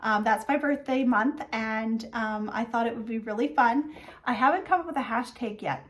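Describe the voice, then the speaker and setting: A woman's voice: fairly high pitch, moderate pace. A woman in her thirties hosting a stitching vlog, telling a story in a chatty way with many fillers and acted-out quotes. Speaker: flosstube host. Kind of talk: casual chat.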